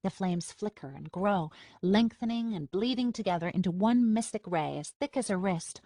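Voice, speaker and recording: A woman reading a first-person audiobook in a steady, measured storytelling manner. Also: medium pitch, no echo. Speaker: audiobook narrator. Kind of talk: scripted first-person narration. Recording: dry studio recording.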